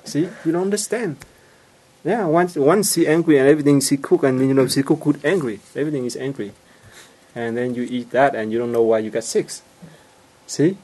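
A man giving an informal teaching talk in halting English, full of fillers and restarts, growing animated as he acts out everyday scenes. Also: mid-range voice, low-quality recording. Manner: gets animated and laughs when acting out scenes.

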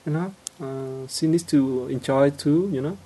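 A man gives an informal teaching talk at a mid pitch. His English halts and restarts, padded with fillers, and he warms up and turns lively when acting out everyday scenes. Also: low-quality recording. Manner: halting non-native English, many fillers and restarts; gets animated and laughs when acting out scenes.

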